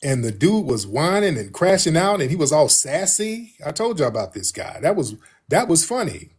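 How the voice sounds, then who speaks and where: A man's voice: fairly high pitch, big pitch swings, normal speed, darkish tone, slightly rough. A man hosting a livestream in casual chat, telling stories in a slangy, laid-back way. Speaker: livestream host.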